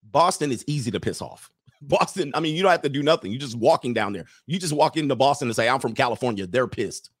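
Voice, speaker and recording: A man's voice: mid-range voice, animated, fast talker, breathy edge, no echo, studio quality. A man hosting a livestream in casual chat, rambling and laughing often as he reads out viewer messages.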